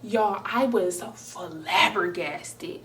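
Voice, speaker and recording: A woman in her twenties tells a casual storytime to viewers, animated and slangy, swearing often as she talks straight to the camera. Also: mid-range voice, extremely slow, recorded from a distance, a little hiss or hum. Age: 20s. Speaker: storytime vlogger.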